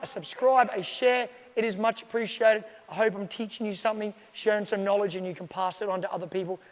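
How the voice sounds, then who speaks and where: Man, dog trainer, emphatic and repetitive, raised voice, echo trailing off behind. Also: high voice. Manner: emphatic, repetitive, demonstrates commands aloud. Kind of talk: casual instructional video talk.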